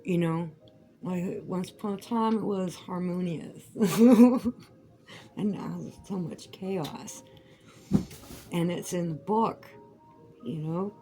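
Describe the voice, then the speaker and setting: A woman's voice: on the low side, slow, pauses often, mellow, soft background music, rough recording. A woman vlogging at home, rambling casually with lots of swearing and frequent laughs. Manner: profane, rambling, laughs often. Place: at home while crafting.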